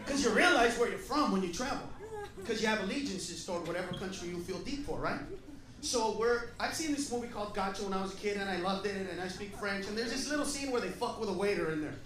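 A man's voice: high-pitched, lively intonation, fast, recorded from a distance. Brash, profane stand-up comedian man. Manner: brash, profane, bursts into shouting. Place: comedy club stage. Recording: echoey club from afar, loud crowd.

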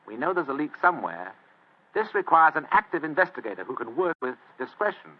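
Casting: a man as a wry, idle Victorian schemer; fairly high voice, tinny old radio sound. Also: big pitch swings, a little fast. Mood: scheming. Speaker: actor in radio drama. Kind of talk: old radio drama acting.

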